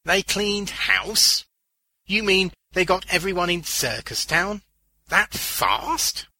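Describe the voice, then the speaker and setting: Joking male clown, read by a male narrator, animated and bright. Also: medium pitch, husky, no echo, voice pushed up, exaggerated voice, low-quality recording. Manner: lively and quick with jokes. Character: restless, wisecracking adult male clown.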